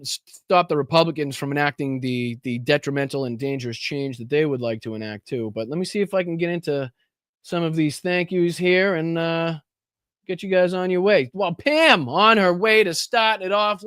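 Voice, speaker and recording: A man's voice: a little high, a bit bright, smooth, dry recording, studio quality. A man hosting a political commentary livestream, talking casually and profanely, often restarting his phrases as he rambles. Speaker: political commentary show host.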